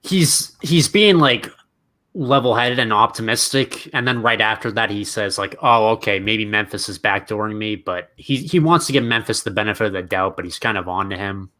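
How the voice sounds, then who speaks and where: A man's voice: on the low side, animated, moderate pace, bright, forceful tone. A man co-hosting a casual recap show over an online call, rambling and hedging as he talks. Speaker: podcast co-host.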